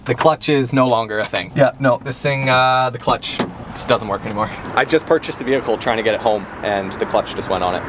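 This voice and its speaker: A young adult man talking in a casual, rambling and excitable way to his car channel, with lots of fillers and restarts. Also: mid-range voice, brisk, heavy background noise. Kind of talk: casual vlog talk.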